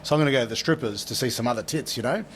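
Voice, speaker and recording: A man's voice: medium pitch, rapid-fire, slight background noise. A man, blunt and swearing, telling a story in casual chat.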